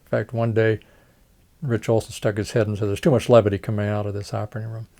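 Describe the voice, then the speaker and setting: Speaking fast in a warm, fairly low, level-toned voice, this older man is a retired facial plastic surgeon giving an oral history interview. He tells stories, reenacts the dialogue of those he quotes, and chuckles along.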